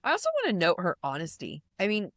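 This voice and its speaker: Female podcast co-host, casual book talk, low and expressive, dry mic. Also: dry recording. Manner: animated, teasing, quick asides.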